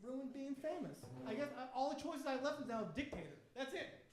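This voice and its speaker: A high-voiced male comedian performs a brisk stand-up set on a comedy club stage using a handheld mic, with the room echoey and the audience laughing. He's animated and crude, acting out voices.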